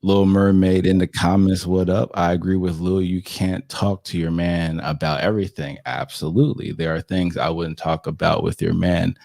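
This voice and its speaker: Low gravelly dude reading chat comments on a live show, dry close mic. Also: male voice, flat delivery, moderate pace, hardly any pauses, a little mellow, no room sound. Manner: reads out comments and agrees briefly. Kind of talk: live podcast talk.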